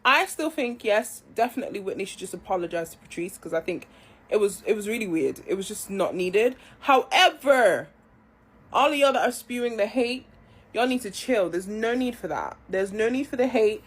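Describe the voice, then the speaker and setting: A woman's voice: mid-range voice, lively intonation, moderate pace, breathy edge. A woman ranting in exasperation, scolding online haters. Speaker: commentator. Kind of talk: ranting commentary.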